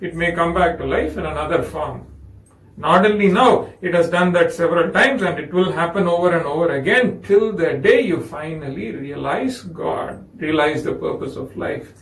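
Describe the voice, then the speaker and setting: A man's voice: on the high side, reverberant, far from the mic, poor audio. A man with an Indian English accent telling a spiritual story in a discourse, acting out the voices of its characters. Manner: animated storytelling with acted quotes. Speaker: spiritual speaker.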